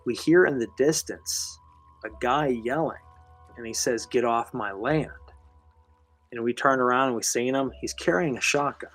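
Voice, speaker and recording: A man's voice: medium pitch, fairly bright tone. A man hosting a live show, telling a story in a casual, rambling, conversational way with casual swearing. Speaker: host.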